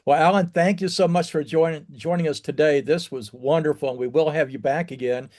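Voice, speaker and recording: A man's voice: a little high, steady tone, fairly quick, a little mellow. A man hosting an interview podcast, friendly as he strings his questions together one after another. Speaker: podcast host.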